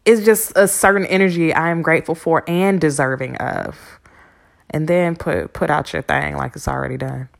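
A woman's voice: low voice, moderate pace, vocal fry. A woman hosting a podcast in a casual, rambling monologue, cursing freely as she encourages her listeners. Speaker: podcast host. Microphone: podcast microphone.

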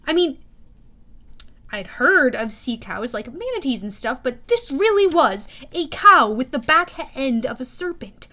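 A woman reading a first-person audiobook in a lively, expressive way with youthful energy. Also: high-pitched. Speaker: audiobook narrator.

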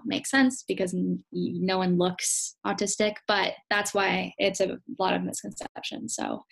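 A young woman with a mid-range voice talks openly as a podcast guest. Her speech is relaxed and candid, and she often starts sentences over. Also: medium pitch. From Canada. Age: young adult. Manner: relaxed, candid, with fillers and restarts. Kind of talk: casual interview.

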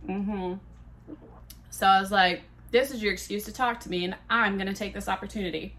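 A woman in her thirties, a podcast host, telling a candid, profane story in a casual, animated way. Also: mid-range voice, a little fast.

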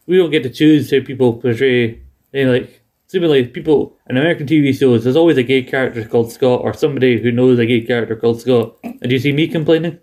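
Man, casual chat, rambling, laughs a lot, acts out quotes, middle pitch. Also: fast, darkish tone. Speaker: podcast co-host. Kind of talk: casual chat recapping a sitcom episode.

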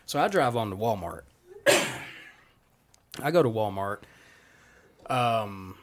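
A man's voice: on the low side, animated, slow pace. Profane man telling a story. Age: young adult. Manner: profane, rambling anecdote with quoted dialogue. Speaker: podcast host. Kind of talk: casual storytelling among friends.

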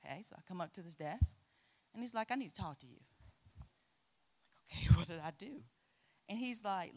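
A middle-aged woman preaching to a youth group, telling a personal story with lively acted-out quotes. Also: lowish voice, fairly quick, long pauses. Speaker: youth pastor.

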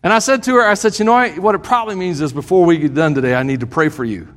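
A man's voice: fairly high pitch, racing. A male pastor preaching a sermon, telling a story in a self-deprecating way with frequent chuckles, in a church sanctuary. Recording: reverberant church hall.

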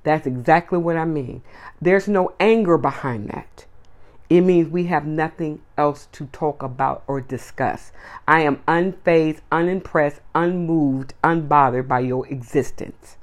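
A woman's voice: sits low, measured pace. Woman doing a solo opinion podcast, blunt and emphatic, piles up repeated words. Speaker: podcast host.

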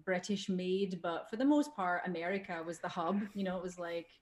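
A woman's voice: lowish voice, normal speed. A Scottish woman, a veteran voice actor, chatting as a guest in an interview, swearing casually and talking with plenty of fillers. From Scotland. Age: middle-aged.

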